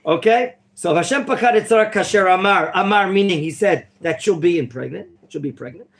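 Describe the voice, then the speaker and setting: A man teaching an interactive Torah class in a classroom, quizzing his students and now and then bursting into theatrical excitement. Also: high voice, a little fast. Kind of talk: interactive Bible lesson. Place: classroom at a yeshiva.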